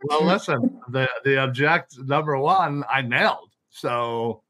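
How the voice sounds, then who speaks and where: A man's voice: mid-range voice, slow pace, bright, forceful tone. A man co-hosting a casual sports podcast, joking and trash-talking brashly. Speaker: podcast co-host. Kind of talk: casual panel chat.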